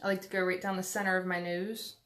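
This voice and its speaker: A woman's voice: lowish voice, flat delivery, fast talker, fairly bright tone. A woman chatting through a casual makeup tutorial, rambling and self-deprecating with lots of fillers, recorded on a phone at home. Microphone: phone camera.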